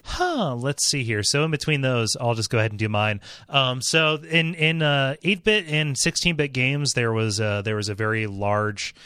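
Bright-voiced man, dry close sound. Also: medium pitch, normal speed, hardly any pauses, smooth, no echo. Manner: relaxed, leads the segment and hands off readings. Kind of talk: casual chat.

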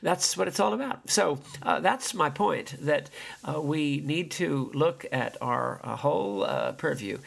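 A man's voice: fairly high pitch, expressive, measured pace, creaky. A man hosting a podcast, talking in a rambling monologue with many restarts and fillers. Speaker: podcast host. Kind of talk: casual spoken monologue.

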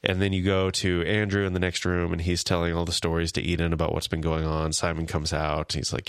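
A man's voice: low-pitched, monotone, smooth, dry recording, clean studio sound. A man co-hosting a podcast, casually retelling episode scenes and acting out characters' lines. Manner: retells scenes, acts out lines with quick quips. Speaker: podcast co-host. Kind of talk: casual podcast recap chat.

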